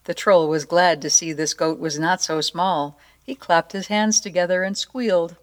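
Woman reading a kids story, lowish voice, playful and expressive. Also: moderate pace, few pauses. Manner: playful, expressive narration with asides. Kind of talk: storybook read-aloud.

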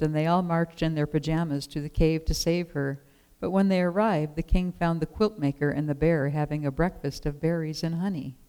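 A storyteller reading a children's tale aloud with expressive, measured pacing. The voice is smooth and clear, sitting at a middling pitch.

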